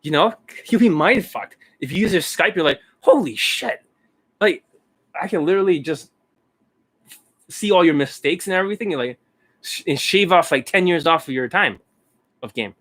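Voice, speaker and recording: A man's voice: fairly high pitch, animated, moderate pace, a bit bright. A man talking as a dating coach in a casual monologue, profane and mocking, often acting out his students in a raised voice.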